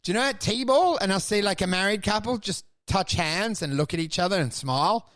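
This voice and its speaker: A man's voice: sits high, animated, fairly quick, fairly bright tone. A man co-hosting a comedy podcast, telling absurd, self-deprecating stories. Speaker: podcast co-host.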